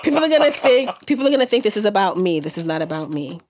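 A woman's voice: medium pitch, big pitch swings, rapid-fire, darkish tone. Chatty New York woman with a cold. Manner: laughing, chatty, playful. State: has a cold. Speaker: podcast co-host. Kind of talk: casual chat.

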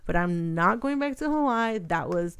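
A young woman co-hosting a podcast, telling a story in animated casual chat with plenty of swearing. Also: on the low side, normal speed, clean tone. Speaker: podcast co-host.

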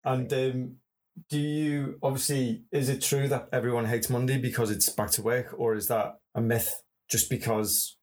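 A man's voice: medium pitch, little pitch movement, moderate pace, darkish tone. A man hosting a casual interview, rambling and joking.

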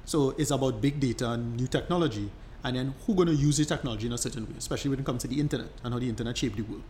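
A man's voice: mid-range voice, very fast, a little mellow, a little hiss or hum. A man co-hosting a podcast, explaining at length in casual chat, rambling and restarting his sentences. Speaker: podcast co-host.

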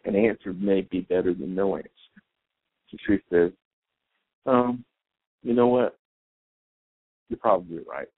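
This podcast host's voice sits low, slightly rough with vocal fry, and he speaks at a measured pace with long pauses. He spins a long, rambling personal story, quoting both sides of the exchange, in a dry, tinny, phone-like recording.

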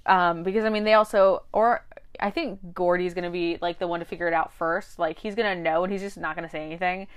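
Chatty woman, casual co-host, lively delivery, jumps into characters' voices when retelling scenes. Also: fairly low pitch, quick pace, clean tone. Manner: animated, acts out characters' lines. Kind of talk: casual chat about a TV show.

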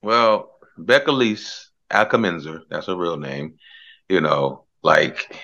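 A man's voice: sits low, lively intonation, slow, pushed and bright, lo-fi sound. A man co-hosting a comedy podcast, talking bluntly in casual chat and slipping into mocking impressions. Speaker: podcast co-host.

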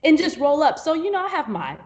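A woman's voice: high-pitched, big pitch swings, fairly quick. A woman guest on a podcast, telling a work story in a casual chat, acting out quotes with laughs and fillers. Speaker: videographer guest.

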